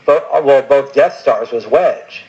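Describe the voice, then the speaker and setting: A man's voice: medium pitch, slow pace, a little mellow. Enthusiastic man on a dull lo-fi line. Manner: enthusiastic, stumbling restarts. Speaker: podcast co-host. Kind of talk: casual chat. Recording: dull lo-fi sound.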